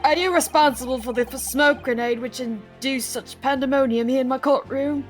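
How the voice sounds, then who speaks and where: A woman's voice: high voice, moderate pace, soft background music, close to an everyday voice. A woman voicing a pompous male judge who scolds and presides over a trial. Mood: stern. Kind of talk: voicing game dialogue aloud.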